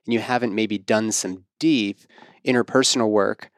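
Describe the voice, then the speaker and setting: A man in his thirties hosting a podcast interview, talking in a self-assured, animated way and pushing his pitch up for emphasis. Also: moderate pace, no echo, clean studio sound. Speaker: podcast host and fertility coach. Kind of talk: casual interview chat.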